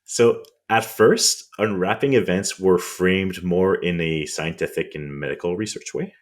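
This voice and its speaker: French-accented guy cohosting a podcast, super low voice, lots of ums and stumbles over long words. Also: a little slow. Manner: frequent ums, restarts on tricky words. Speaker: podcast co-host. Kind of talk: casual explanatory chat.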